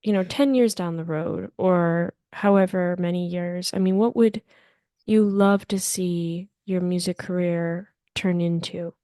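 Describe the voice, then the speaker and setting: A woman's voice: fairly low pitch, fairly even intonation, a little slow, mellow, smooth, no room sound, studio quality. A woman interviewer asking long, chatty questions in an encouraging, rambling way.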